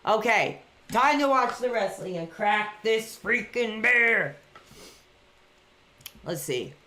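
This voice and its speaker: A woman chatting casually on a live stream, reading out messages from viewers and reacting excitedly to a wrestling match from a dark room at home. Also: on the high side, slow. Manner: chatty, reads out chat messages between excited play-by-play reactions.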